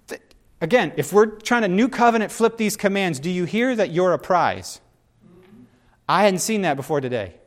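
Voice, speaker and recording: A middle-aged man preaching in an animated, conversational way and often turning to his listeners with asides. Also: high voice, moderate pace. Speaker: pastor. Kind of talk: sermon.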